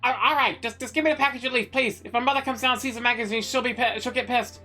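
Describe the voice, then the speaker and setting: Lady doing a pompous wannabe villain guy, high and loud, rants big, lives w his mom. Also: fast, soft background music. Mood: nervous. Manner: grandiose, ranting, then nervous and pleading. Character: pompous would-be male supervillain living with his mother. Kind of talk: reading game dialogue aloud.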